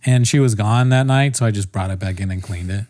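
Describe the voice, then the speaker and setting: A man's voice: on the low side, brisk, a little mellow, no room sound, clean studio sound. A young man on a casual comedy podcast, rambling through a story, swearing often and laughing at himself. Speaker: podcast co-host.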